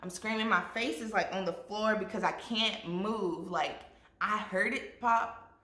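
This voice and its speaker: A young woman vlogger telling a storytime with lively asides to her viewers, acting out what people said. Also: mid-range voice, measured pace. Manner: animated, addresses viewers as y'all, acts out quotes. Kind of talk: storytime vlog. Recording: echoey room.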